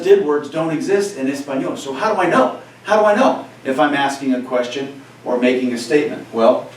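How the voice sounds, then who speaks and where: A man's voice: medium pitch, a little mellow. Echoey distant male teacher in a classroom. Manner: conversational, frequent "right?" check-ins. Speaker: Spanish teacher. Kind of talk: classroom lecture. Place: classroom, recorded for cameras.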